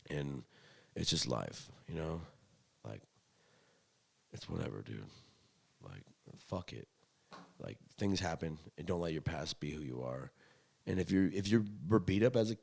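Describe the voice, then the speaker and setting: A young man co-hosting a casual podcast, talking bluntly and profanely in rambling bursts that swing from loud to quiet. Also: low-pitched, vocal fry. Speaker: podcast co-host.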